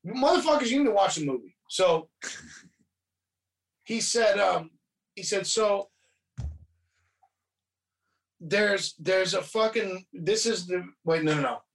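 A man's voice: high voice, lively intonation, a little slow, gravelly, recorded from a distance. A man casually retelling a movie plot, profane and rambling, quoting characters as he goes. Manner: profane, rambling storytelling with quoted voices. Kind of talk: casual movie recap chat.

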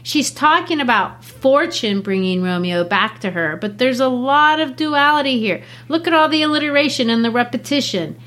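Animated woman literature teacher, enthusiastic lesson delivery with a slightly high voice. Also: moderate pace, hardly any pauses.

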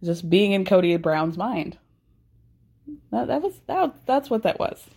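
A young adult woman hosting a casual, gossipy TV recap, sassy and animated, with sarcastic asides. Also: medium pitch, a little slow, creaky, husky. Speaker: recap podcast host.

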